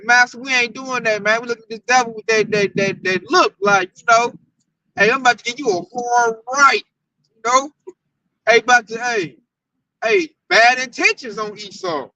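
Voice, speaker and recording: Hyped high-voiced man preaching, off-mic. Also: gravelly, no room sound, far from the mic, poor audio. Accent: Southern US. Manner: loud, slangy, hyped-up preaching. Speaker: Hebrew Israelite teacher. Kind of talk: animated scripture teaching.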